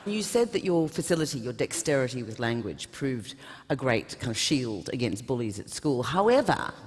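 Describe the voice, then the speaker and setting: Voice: mid-range voice, animated, normal speed, breathy edge. An interviewer asking wry, probing questions on a concert hall stage. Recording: long reverb of a large hall.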